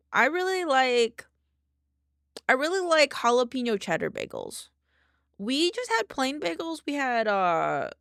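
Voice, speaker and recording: A woman's voice: on the high side, creaky, a bit bright, no room sound, studio quality. A young adult woman streaming, chatting loosely with her viewers and swearing casually as she reads chat aloud.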